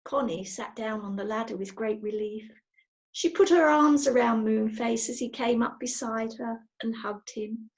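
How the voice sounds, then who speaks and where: A woman reading a children's storybook aloud in an expressive storytelling manner. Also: a little high, normal speed. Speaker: storybook reader.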